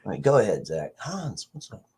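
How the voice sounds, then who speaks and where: A man's voice: lowish voice, huge pitch swings, moderate pace, warm tone, slightly rough. A man hosting a casual livestream, rambling and swearing as he greets viewers in the chat. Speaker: livestream host.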